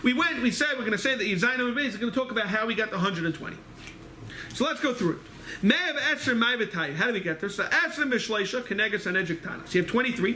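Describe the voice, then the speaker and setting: Guy teaching a talmud class, super high bright voice, asks and answers himself, echoey study hall. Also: a little hiss or hum. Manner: rapid, quizzing himself with questions.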